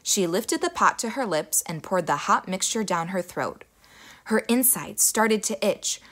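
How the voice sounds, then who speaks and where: A young woman reading a children's folktale aloud, in an expressive, animated way. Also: mid-range voice, unhurried. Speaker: storyteller. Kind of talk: children's story read aloud.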